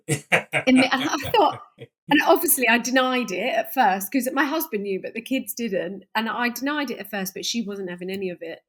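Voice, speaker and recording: Female podcast guest, slightly high voice, chatty and self-deprecating, laughs a lot. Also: moderate pace, fairly bright tone. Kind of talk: casual chat.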